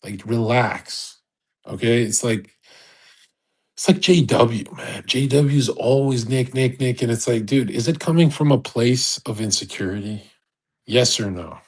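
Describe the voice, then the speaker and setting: Husky, profane man ranting on stream. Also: mid-range voice, unhurried. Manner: profane, rambling, laughs often. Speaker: livestreamer. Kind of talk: casual ranting monologue.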